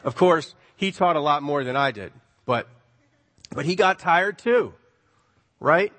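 Male preacher, animated and conversational, rhetorical questions, voice ringing in a large church hall. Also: fairly high pitch, measured pace. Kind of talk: sermon.

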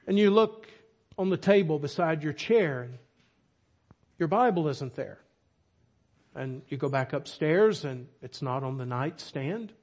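A man's voice: on the high side, lively intonation, a little slow, long pauses, a little mellow. A man preaching a sermon, with emphatic, dramatic storytelling. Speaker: pastor.

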